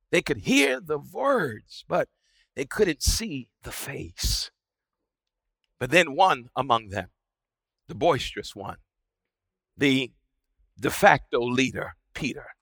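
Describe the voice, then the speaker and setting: A man preaching a sermon with dramatic swings between shouting and hushed, quiet passages. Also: high voice, no echo, poor audio.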